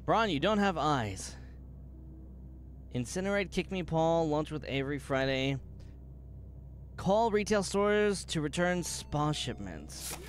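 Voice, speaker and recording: Excitable man streamer with a swooping voice. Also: takes it slowly, pauses often, slight background noise. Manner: excitable, swears, jumps to sudden high shouts and laughter. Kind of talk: gaming livestream commentary.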